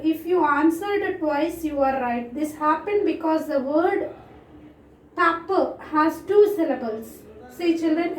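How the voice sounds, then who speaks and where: A woman's voice: high voice, a little mellow, roomy sound, distant mic, low-quality recording. A woman teaching a class of children, speaking English with an Indian accent, repeating words and calling the class "children" again and again. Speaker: school teacher. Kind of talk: online English lesson.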